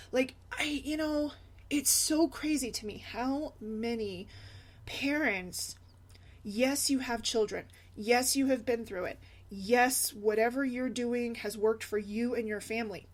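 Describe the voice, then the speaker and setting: Young adult woman, a touch high-pitched; casual, lively vlog chatter. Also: a little slow. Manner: chatty, animated, laughs often. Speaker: mom blogger.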